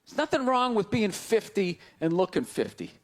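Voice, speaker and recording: A man doing stand-up comedy, ranting loudly and incredulously, shouting his punchlines to an audience on stage with a handheld mic. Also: sits high, sing-song, normal speed. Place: large comedy venue on stage. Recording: live show with crowd laughter and noise. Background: audience laughing and groaning.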